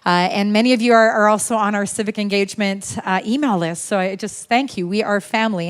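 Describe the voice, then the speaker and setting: Middle-aged canadian woman from alberta, guest preacher, fairly high voice, chatty and laughing. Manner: chatty, laughing, self-deprecating asides. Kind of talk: sermon opening remarks. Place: large church sanctuary. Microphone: handheld or stage microphone.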